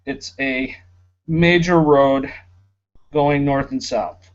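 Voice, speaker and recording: A man's voice: mid-range voice, fairly even intonation, drawn-out words. A young man co-hosting a podcast in a casual chat, rambling and sarcastic, with lots of fillers. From Florida, United States. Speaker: podcast co-host. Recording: dull lo-fi home recording.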